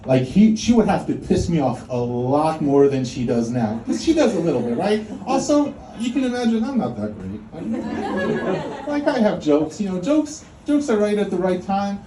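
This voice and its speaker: Wry stand-up with a high voice. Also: male voice, sing-song, normal speed, few pauses, dark tone, some chatter behind. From Poland. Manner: wry, self-mocking, crude punchlines. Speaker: stand-up comedian. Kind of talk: stand-up set. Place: comedy club stage. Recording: echoey club, mic at a distance, noisy. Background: audience laughter.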